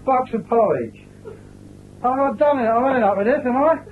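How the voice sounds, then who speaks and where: A man's voice: very high voice, animated, moderate pace. A man chatting jovially with family and friends, trading banter. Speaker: documentary subject. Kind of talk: casual chat. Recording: thin phone-like 1970s film sound with faint hiss.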